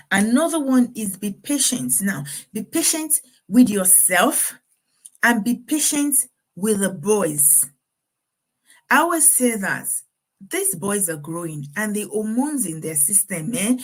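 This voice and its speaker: A woman's voice: mid-range voice, slightly rough. A middle-aged woman giving earnest, faith-based parenting advice, laughing now and then as she talks. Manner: earnest, advising, laughs often. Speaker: parenting speaker.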